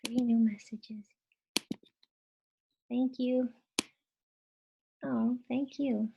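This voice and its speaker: A woman's voice: a little high, steady tone, extremely slow, creaky, highs cut off, background noise. A woman teacher presenting a live webinar in a casual, bubbly way, thanking viewers and muttering to herself while she fixes tech trouble on a computer mic.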